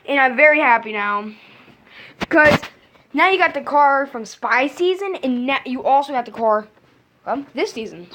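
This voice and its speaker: High-voiced woman rambling about a game. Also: animated, moderate pace, a bit bright, a little hiss or hum. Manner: rambling with restarts. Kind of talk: casual gaming chat.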